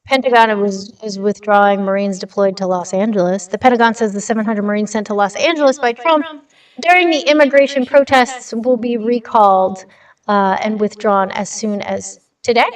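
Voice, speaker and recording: In a steady, mid-range voice at a moderate pace, a blunt and talkative woman hosts a casual livestream, reading news aloud and replying to her chat. The recording sounds slightly distant, with light reverb.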